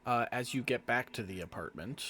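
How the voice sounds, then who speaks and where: A man narrating a tabletop role-playing game as game master, calm and matter-of-fact. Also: mid-range voice, a little fast, a little hiss or hum.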